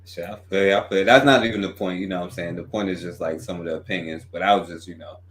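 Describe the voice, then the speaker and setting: Deep-voiced rambling male radio host. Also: steady tone, racing, a bit bright. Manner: rambling, fills every phrase with "you know what I'm saying". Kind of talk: casual talk-radio commentary.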